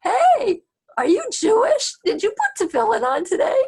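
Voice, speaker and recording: A woman voicing an eager young man calling to passersby in a coaxing, upbeat pitch. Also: wildly swooping pitch, normal speed, darkish tone, exaggerated voice. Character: eager young male street outreach volunteer.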